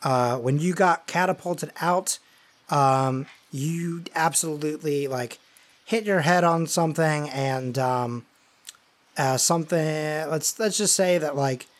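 A man with a somewhat high voice runs a tabletop game as game master. He narrates in a loose, rambling way, padding his scenes with fillers. His voice sounds dry and close, with no room echo. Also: slow. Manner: rambling, heavy with fillers like "like" and "you know".

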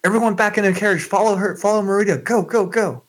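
An earnest young woman squire, voiced by a man talks in an urgent, heartfelt way. The voice stays at a middle pitch. It is a character from a tabletop game. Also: fairly even intonation, unhurried, lightly acted.

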